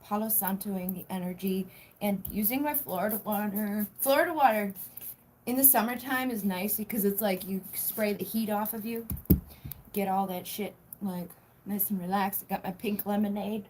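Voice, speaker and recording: A woman's voice: medium pitch, normal speed, a little mellow. Woman, young adult, tarot livestream host, chatty, giggly, casual swearing, home webcam mic, faint background hiss. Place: home, indoors.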